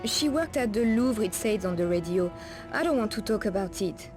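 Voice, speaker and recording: A woman's voice: medium pitch, expressive, moderate pace, over music, natural voice. An actress playing a wary streetwise woman of the night streets, with a French accent and French endearments, guarded and cautioning.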